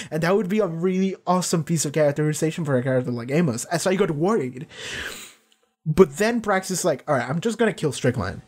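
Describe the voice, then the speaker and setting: A man's voice: mid-range voice, a little mellow. A man giving casual, enthusiastic commentary as a reaction streamer, rambling and laughing often.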